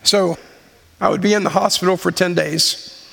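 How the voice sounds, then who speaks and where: A man in his forties giving a sermon-style personal testimony, earnest and slow with pauses. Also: high voice, fairly even intonation, creaky, fairly bright tone. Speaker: speaker sharing testimony. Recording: long hall reverb.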